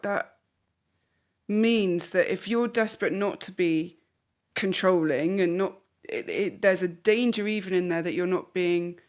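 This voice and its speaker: A woman counsellor speaking softly and reflectively to a client. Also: lowish voice. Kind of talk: counselling conversation.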